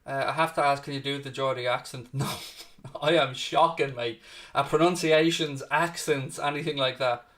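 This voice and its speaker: Hosting a live football watchalong, a man from Ireland chats casually with his audience, answers their questions and calls them "mate." His voice is mid-range and a bit bright, with fairly even intonation at a normal speed.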